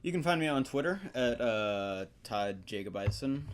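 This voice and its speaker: A man's voice: medium pitch, expressive, normal speed, clear, resonant tone. A man co-hosting a casual comedy chat, hesitant and chuckling as he speaks. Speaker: co-host.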